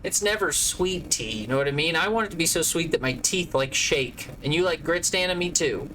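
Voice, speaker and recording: A man's voice: on the high side, animated, brisk, bright, forceful tone, slight background noise, low-quality recording. A man from Georgia with a Southern accent, chatting casually and jokingly with viewers on a live game stream. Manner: jokey, rambling, chats with viewers.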